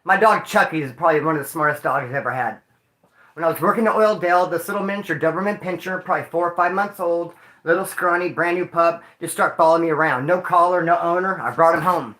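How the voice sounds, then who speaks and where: Grieving cali guy on a livestream, high bright voice, slangy, kinda echoey room. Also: fast. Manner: slangy, emotional, addresses chat as homeboy and dude. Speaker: livestream host. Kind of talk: casual livestream talk.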